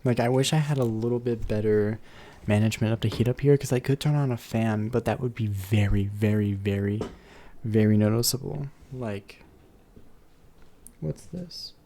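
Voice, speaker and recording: Rambling streamer with a dark, gravelly voice. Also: male voice, lowish voice, fairly even intonation, normal speed. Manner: rambling, chatty, playful asides. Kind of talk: casual live-stream chat. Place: warm room at home. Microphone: desk microphone. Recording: slight background hum.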